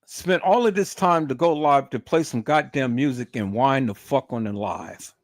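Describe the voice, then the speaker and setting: Ranting live, a man swears heavily and keeps repeating words and starting over when worked up. His voice is mid-range at a moderate pace, recorded dry with clean studio sound.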